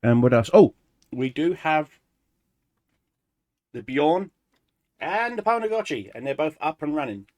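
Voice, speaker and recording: A man chatting casually through a life update for his gaming channel, rambling and relaxed, pausing to snack. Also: fairly high pitch, no room sound. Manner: rambling, relaxed, eating snacks while talking. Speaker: gaming YouTuber.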